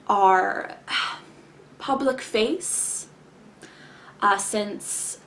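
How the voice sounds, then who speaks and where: A woman vlogger answering viewer questions in a deliberate, enunciated way, with long pauses, many filler words and some throat-clearing. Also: fairly high pitch, sharp tone, a little hiss or hum. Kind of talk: casual explanatory talk to camera.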